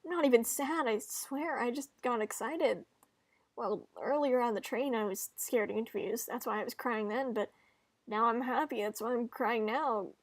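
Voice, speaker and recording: A woman voicing a shy, teary student who cries easily, speaking softly and apologetically. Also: a little high, moderate pace, no room sound. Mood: shy, apologetic. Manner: soft, quiet and apologetic.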